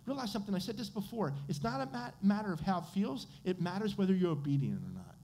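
Animated American pastor preaching. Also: male voice, sits high, fast, slight background noise. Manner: animated, asks the congregation questions and answers them. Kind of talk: sermon. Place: church sanctuary.

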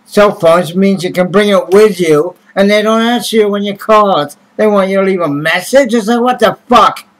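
A man's voice: sits high, moderate pace, low-quality recording. A man, talking straight to camera in a blunt, profane, grumbling rant as a vlogger. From Canada. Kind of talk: casual ranting monologue to camera.

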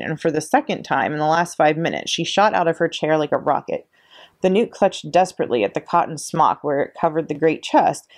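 Woman reading a bedtime chapter book, low voice, lively and expressive. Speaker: children's librarian reading aloud. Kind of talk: children's story read-aloud.

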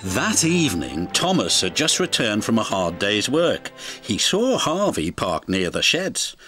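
A man's voice: fairly low pitch, unhurried. A man narrating a children's story in a scripted, storytelling way. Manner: warm storybook telling, lively and expressive. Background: background music.

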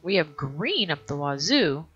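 A woman's voice: low voice, very animated, measured pace, fairly bright tone, slightly rough. A woman hosting a let's play, thinking aloud in a hesitant way and often trailing off mid-sentence. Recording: dull lo-fi recording.

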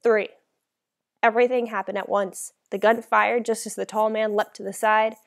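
A woman's voice: mid-range voice, flat delivery, brisk, creaky. A woman narrating a first-person novel as an audiobook, reading in a dramatic, emotional way.

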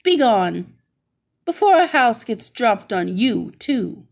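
A woman reading as a calm good witch. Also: on the high side, slow, creaky, exaggerated voice. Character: good witch woman, kindly and matter-of-fact.

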